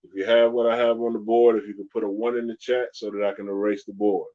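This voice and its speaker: A man teaching a live-streamed alphabet lesson, patiently repeating each sound slowly and clearly. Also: fairly low pitch, little pitch movement, a little mellow, muffled recording. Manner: slow, drawn-out pronunciation drills.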